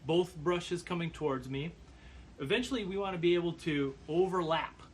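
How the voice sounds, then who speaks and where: A man giving a percussion lesson, calmly explaining brush patterns and counting beats aloud. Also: fairly high pitch, normal speed, noisy background. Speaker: percussion teacher. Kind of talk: instructional demonstration.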